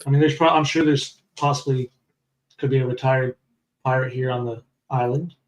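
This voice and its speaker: A male game master runs a tabletop game, recapping events and describing the setting in a loose, wandering fashion. His voice is medium-pitched with fairly even intonation, and he speaks at a normal speed.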